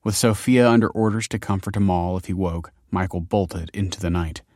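Deep-voiced male audiobook narrator. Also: dry recording, studio quality. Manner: measured, even storytelling delivery. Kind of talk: scripted narration.

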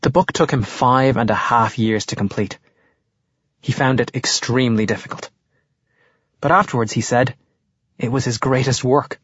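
A man's voice: mid-range voice, normal speed, pauses often, a bit bright, breathy edge, dry recording, pitched below the performer's own voice. A man voicing an earnest male schoolteacher in an audiobook reading. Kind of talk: audiobook narration. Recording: dull lo-fi dry audio.

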